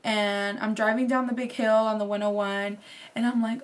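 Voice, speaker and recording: A young woman vlogger telling a story in a casual, animated way, with "like" running all through her talk. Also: medium pitch, normal speed. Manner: chatty and animated, fills speech with "like". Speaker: fashion vlogger.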